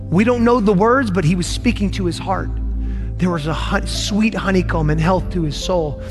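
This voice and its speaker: A pastor preaching a sermon, earnest and emphatic, with words he repeats for weight and some lines dropped to a hush. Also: high voice, moderate pace, faint music behind.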